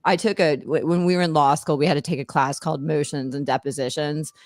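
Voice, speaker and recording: A woman's voice: sits low, fairly even intonation, fast talker, darkish tone, no room sound. A middle-aged woman, a former attorney hosting a podcast, tells stories in casual chat, meandering and often laughing mid-sentence.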